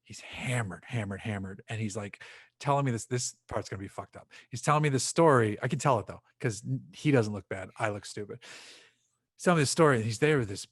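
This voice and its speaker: A man's voice: mid-range voice, brisk, breathy edge, no room sound, studio quality. A man on a podcast as a guest, telling long casual anecdotes with plenty of swearing and laughter. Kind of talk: casual storytelling chat.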